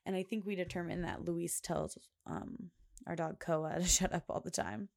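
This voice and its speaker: A woman's voice: lowish voice, fairly even intonation, normal speed, vocal fry, dry recording, clean studio sound. A young woman hosting a podcast, telling a rambling, casual story full of fillers. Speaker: podcast host. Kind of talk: casual chat.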